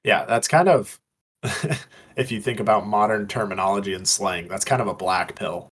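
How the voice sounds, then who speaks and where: A young man on a casual book podcast who thinks out loud in loose, hedging phrases. His voice sits somewhat low and relaxed. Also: moderate pace, breathy edge. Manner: thoughtful, loose, hedging with fillers. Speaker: podcast co-host.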